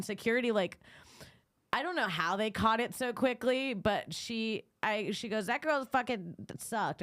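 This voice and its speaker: A woman's voice: medium pitch, a bit bright, clean tone. A young adult woman comedian telling a heated, foul-mouthed story on a podcast, often laughing. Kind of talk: animated storytelling. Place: podcast studio.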